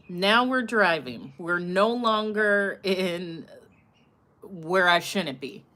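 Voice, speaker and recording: Woman telling a story on a livestream. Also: low voice. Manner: animated, acts out what people said. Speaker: livestream host.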